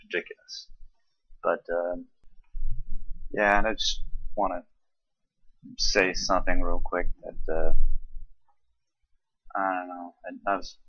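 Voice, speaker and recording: A man's voice: deep voice, little pitch movement, slow pace, pauses often, sharp tone, dry recording, dull audio. A man with a South Carolina Southern accent chatting casually for an accent tag video. He talks loosely and profanely with lots of ums and restarts, and he coughs and sounds tired. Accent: South Carolina Southern American. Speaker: vlogger doing an accent tag. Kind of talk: casual rambling chat.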